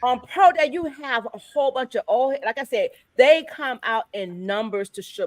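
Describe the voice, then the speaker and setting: A woman hosting a casual livestream chat, animated and teasing, laughing often. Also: on the high side, moderate pace, dry recording. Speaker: host.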